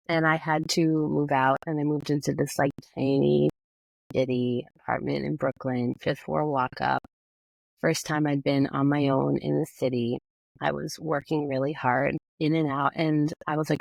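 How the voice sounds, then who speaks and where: A woman's voice: low voice, steady tone, normal speed, creaky, no room sound, low-quality recording. A woman, a physical therapist and yoga teacher, telling a personal story as a podcast guest, acting out her own past words. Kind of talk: conversational storytelling.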